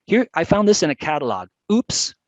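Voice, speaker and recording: A man's voice: on the high side, brisk, no room sound, low-quality recording. Enthusiastic man giving a dry webcast talk. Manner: enthusiastic, chatty, lively emphasis. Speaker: presenter of a GIS webcast. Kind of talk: live webcast presentation.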